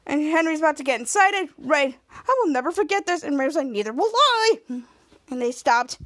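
A woman's voice: high voice, animated, fairly quick, no room sound, studio quality. A woman podcast host casually recapping a TV episode, retelling scenes with lots of quoted lines.

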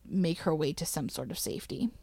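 A woman's voice: low voice, lively intonation, brisk, gravelly, warm tone, no room sound. A woman casually telling a history story to a co-host, swearing freely, laughing and getting emotional.

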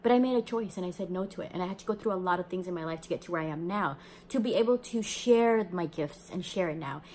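A woman's voice: on the low side, quick pace, darkish tone, slight background noise. A young woman hosting a podcast, telling a personal story in a chatty way, laughing often and acting out the people she quotes. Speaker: podcast host.

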